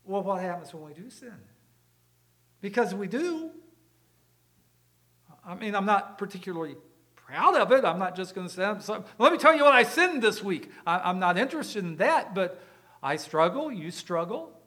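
A man's voice: sits high, very animated, normal speed, pauses often, bright, forceful tone. A man preaching a sermon as pastor, emphatic and explanatory, often asking the congregation rhetorical questions. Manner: emphatic preaching with rhetorical questions, repeats words when restarting.

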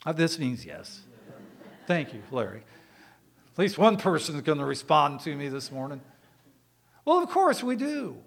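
A man's voice: fairly high pitch, very animated, normal speed, gravelly, pauses often. A man preaching a sermon as pastor, emphatic and explanatory, often asking the congregation rhetorical questions. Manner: emphatic preaching with rhetorical questions, repeats words when restarting.

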